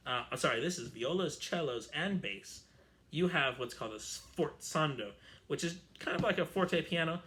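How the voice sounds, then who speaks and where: A man's voice: mid-range voice, sharp tone. A man teaching an online string orchestra lesson, chatty and explanatory, correcting himself as he goes. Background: violin playing.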